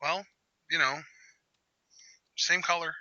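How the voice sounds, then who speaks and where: Dry, teasing young man, bright tone. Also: a little high, steady tone, takes it slowly, no room sound, muffled recording. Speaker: host. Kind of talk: casual live reaction chat.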